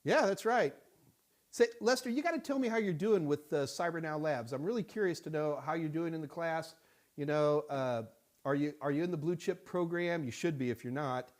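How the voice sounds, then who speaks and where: A man's voice: a little high, normal speed. A man hosting a live-stream Q&A. He chats casually, jokes, and greets viewers by name. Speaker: host answering viewer questions. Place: Houston studio.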